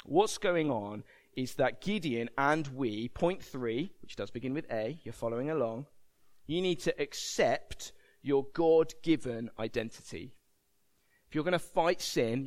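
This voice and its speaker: A man preaching a lively sermon, his voice sitting a little high for a man. He jokes with the congregation and acts out short voices to make his points. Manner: animated, jokey, acts out voices for emphasis.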